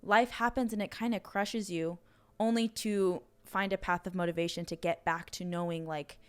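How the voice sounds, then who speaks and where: Young woman podcast host, smooth clear voice, chatty and lively, lots of "like". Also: fairly low pitch, normal speed. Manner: animated, uses "like" a lot. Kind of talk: casual podcast conversation.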